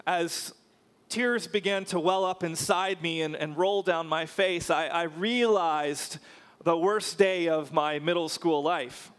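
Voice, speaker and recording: A man's voice: a little high, slow pace, fairly bright tone, clear, resonant tone, no echo. A man preaching a sermon, telling a personal story and then explaining a Bible passage in a storytelling manner with frequent fillers and restarts.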